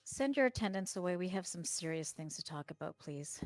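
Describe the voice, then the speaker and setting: A woman's voice: fairly low pitch, animated, fairly quick, darkish tone, no echo. A woman playing a tabletop game, talking in a blunt, pushy way. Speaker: player. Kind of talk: in-character tabletop play.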